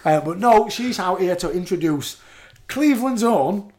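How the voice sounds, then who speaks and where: A man chats loosely about wrestling. He laughs a lot and reads through lists in a fairly high voice. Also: normal speed, a little mellow. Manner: laughs often, reads out rankings. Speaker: podcast host. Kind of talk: casual chat and wrestling recap.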